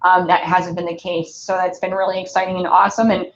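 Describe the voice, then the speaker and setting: A woman's voice: fairly low pitch, level tone, quick pace, highs cut off, a little hiss or hum. Chatty Midwestern woman recruiter. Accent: Midwestern American. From Wisconsin. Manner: upbeat, chatty, many fillers. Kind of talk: live Q&A stream.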